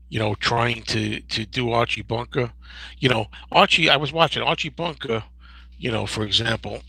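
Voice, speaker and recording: A man in his fifties hosting a casual livestream Q&A, rambling and digressive with many restarts and a gravelly, husky voice. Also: mid-range voice, bright, forceful tone, no echo, rough recording. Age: 50s. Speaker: host.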